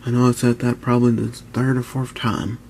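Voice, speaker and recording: Young man vlogging in a near-whisper at home, gravelly, with faint background hiss. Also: flat delivery, a little mellow. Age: 20s. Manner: whispering and speaking low, halting, with restarts. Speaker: YouTuber. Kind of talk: hushed vlog talk. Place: at home, indoors.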